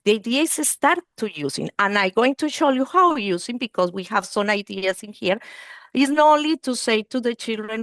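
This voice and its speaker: With a fairly high, animated voice at normal speed, a woman trains early-learning teachers in a webinar over a video call. She speaks non-native English, peppered with "okay?" and "you see." Her tone is a bit bright, and the recording is dry and clean, like a studio.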